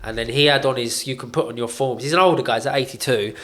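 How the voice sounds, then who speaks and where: A man's voice: mid-range voice, fast. A young man, a podcast co-host, telling a story in casual chat, full of "like" and acting out what others said. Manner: animated, heavy on fillers, acts out what others said. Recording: roomy echo.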